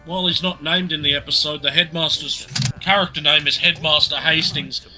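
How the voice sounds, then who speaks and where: A man's voice: on the high side, steady tone, brisk, over music. A man hosting a casual commentary chat, enthusiastic and opinionated, often laughing.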